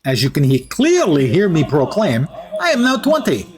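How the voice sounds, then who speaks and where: A man's voice: fairly high pitch, huge pitch swings, normal speed. Man doing a pompous mock-Russian steel giant. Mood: boastful. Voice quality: formal, article-dropping, grandly pompous phrasing. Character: huge steel-skinned male hero, solemn and boastful. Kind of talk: in-character game commentary.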